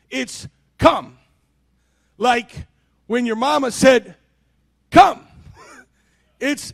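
A man preaching a sermon as a missionary, fervent and shouting hallelujahs, quoting scripture in a singsong. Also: very high voice.

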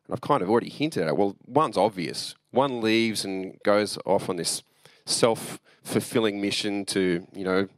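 Male pastor, low voice, dry close sound, earnest conversational sermon. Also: moderate pace, no room sound. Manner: conversational and earnest, with restarts and asides.

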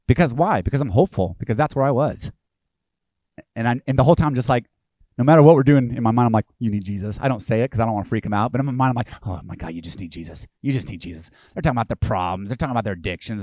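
Animated male pastor preaching a sermon. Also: medium pitch, dry recording. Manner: animated and conversational, acting out quoted voices.

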